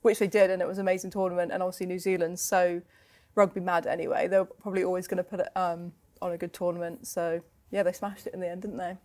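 A woman's voice: lowish voice, flat delivery, fast, few pauses, darkish tone. A young English woman with a mostly neutral accent and a faint Midlands twang, a rugby player chatting casually as a guest, with lots of fillers and laughter. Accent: neutral English with a slight Midlands twang. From England. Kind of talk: casual chat.

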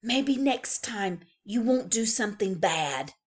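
A woman voicing a blunt older brother bunny in a loud, scolding tone. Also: medium pitch, expressive, takes it slowly.

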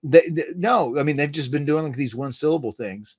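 A man's voice: a little high, fairly quick, a little mellow, husky, no room sound, clean studio sound. Laughing man telling road stories. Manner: laughs often, telling stories with quoted voices. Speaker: podcast host, former wrestler. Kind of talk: casual chat.

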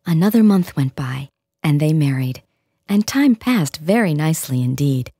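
A woman reading a fairy tale aloud in a gentle, hushed storytelling manner, with a soft, breathy, near-whispered delivery. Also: deep voice, lively intonation, normal speed, no room sound, studio quality. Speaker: audiobook reader. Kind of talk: storybook narration.

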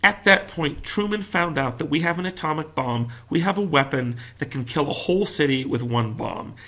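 A man from the United States giving a classroom history lecture with animated storytelling. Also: mid-range voice. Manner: animated storytelling, acts out quotes. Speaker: history teacher.

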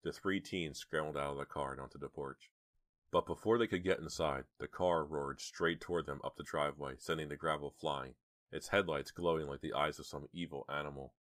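Man narrating audiobook, extremely deep voice, bright tone, dramatic measured delivery. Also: fairly even intonation, no echo, studio quality. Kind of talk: audiobook reading.

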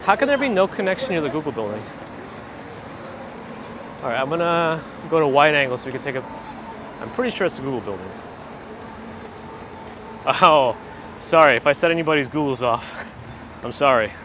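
A man's voice: on the high side, expressive, normal speed, long pauses. Perky man chatting on a city street. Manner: chatty, reads viewer comments aloud. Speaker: livestream host. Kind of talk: casual walking livestream chat. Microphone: handheld phone gimbal mic. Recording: noisy outdoor street audio. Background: street traffic.

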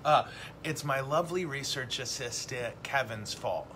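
A man's voice: mid-range voice, moderate pace, pushed and bright, slight background noise. A middle-aged man, a Catholic priest, hosting a casual livestream teaching and rambling along with self-deprecating jokes.

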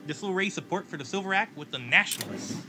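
A man playing a strategy game and chatting about it, musing and thinking aloud as he goes. His voice sits fairly high for a man, and game music plays clearly in the background. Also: lively intonation, quick pace. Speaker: gameplay commentator and story narrator. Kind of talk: casual game commentary.

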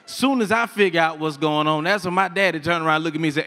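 Bright high-voiced stand-up comedian man. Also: quick pace, few pauses, in a large hall. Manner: animated storytelling, acts out voices. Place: comedy stage before a live audience.

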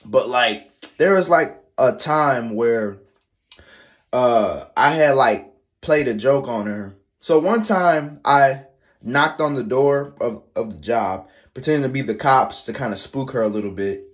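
A man telling a casual spoken anecdote, halting, full of restarts and slangy fillers. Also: mid-range voice, animated. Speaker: storyteller.

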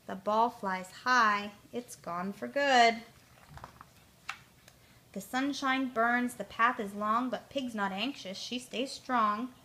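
A woman reading a rhyming children's picture book aloud, lively and voicing the characters. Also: a little high, slight background noise. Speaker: storyteller.

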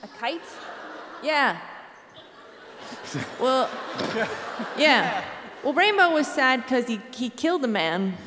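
A woman's voice: sits high, very animated, slow pace, long pauses. A woman improvising a comic tall tale on a conference stage, rambling with lots of asides. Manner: rambling, giggly, many asides. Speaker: storytelling game player. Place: conference stage before live audience. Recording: reverberant hall, audience noise.

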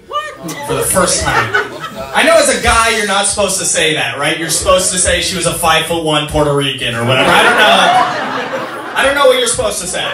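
A man performing a stand-up comedy set in a comedy club, deadpan jokes and riffing with the crowd. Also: fairly high pitch. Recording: echoey club from a far mic, loud noise. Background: audience laughter.

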